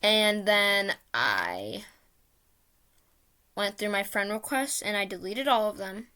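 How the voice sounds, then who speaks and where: A woman's voice: mid-range voice, expressive, takes it slowly, pushed and bright. A woman vlogger telling a casual, rambling story with lots of fillers, often mocking herself.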